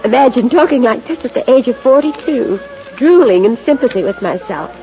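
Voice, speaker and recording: A self-pitying wife of forty-two, rueful and teary, with a dry sardonic edge and a slightly high voice. An old 1940s radio play, muffled and lo-fi, with music underneath. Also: female voice, expressive, fairly quick. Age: 40s. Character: bitter, self-pitying former wallflower wife, 42.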